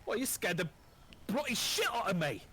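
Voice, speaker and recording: A man voicing a massive, hardy male dwarf with a put-on Scottish accent that drifts toward British, blurting gruff, cursing exclamations. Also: high voice, sing-song, normal speed, bright, forceful tone, voice pushed up, full character voice. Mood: startled.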